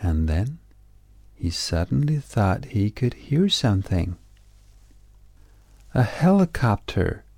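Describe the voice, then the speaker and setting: A man reading a children's story aloud in slow, measured storybook narration. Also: fairly low pitch, very animated, gravelly, dark tone, dry recording, studio quality.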